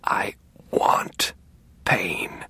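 Male narrator plays a dying old man: hoarse, breathy whisper, pained and slow, dry close sound. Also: pushed and bright, dry recording. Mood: weak, strained. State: in pain, gasping.

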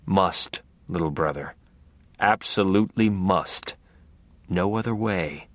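A man's voice: sits low, slow, no echo, pitched below the performer's own voice. A man playing a cold menacing brother.

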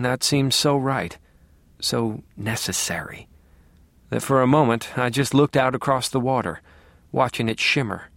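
A man narrating an audiobook in a calm, wry, low-key way, sometimes sinking to a near whisper. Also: dry recording.

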